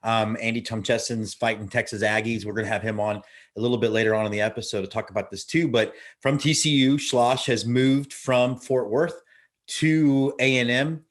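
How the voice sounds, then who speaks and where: A man's voice: medium pitch, steady tone. Man steering a sports podcast chat. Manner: steers the talk with questions and quick agreement. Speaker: podcast co-host. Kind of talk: casual sports talk.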